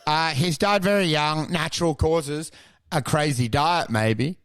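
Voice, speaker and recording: A man's voice: a little high, unhurried, fairly bright tone, clear, resonant tone, dry recording. A man co-hosting a comedy podcast, ranting and swearing in casual banter, mimicking people in exaggerated voices.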